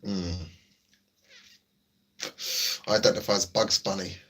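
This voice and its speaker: A man's voice: fairly low pitch, little pitch movement, fast talker, a bit bright, a little hiss or hum. A middle-aged man, hosting a laid-back livestream chat and answering his viewers. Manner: chatty, repeats himself, laid-back banter. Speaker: livestream host. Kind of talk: casual livestream chat, reading chat.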